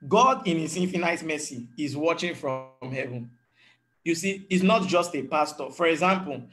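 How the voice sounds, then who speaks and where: A man's voice: a little high, fairly bright tone. A man, preaching a sermon as a pastor in an earnest teaching tone and acting out voices of people he quotes. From Nigeria.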